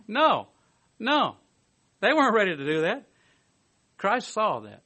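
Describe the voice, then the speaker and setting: Lively, fairly high-voiced male preacher. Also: unhurried, pauses often. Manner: lively, swings from emphatic to hushed; reads commentary aloud with asides. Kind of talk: sermon.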